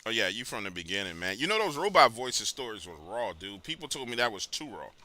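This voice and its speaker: A man with a New Orleans accent hosting a call-in show, chatting casually, swinging from loud bursts to low mutters. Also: very animated, quick pace.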